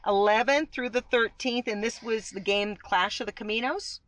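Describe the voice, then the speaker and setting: A woman's voice: fairly high pitch, moderate pace, a bit bright, dry recording, low-quality recording. A woman hosting a podcast, chatting casually as she reads out fan news items. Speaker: podcast host.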